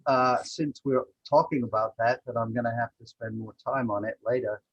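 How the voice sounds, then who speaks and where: A husky-voiced man teaching a language class over a video call. He explains grammar patiently, walking through example sentences one at a time. The voice is slightly rough. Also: mid-range voice, fairly even intonation, normal speed, muffled recording. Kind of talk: online language lesson.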